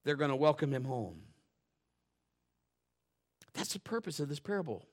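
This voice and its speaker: A male pastor preaching a sermon in a folksy, joking way, dropping to quiet asides and building to loud, fervent stretches. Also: fairly high pitch, sing-song, normal speed. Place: church.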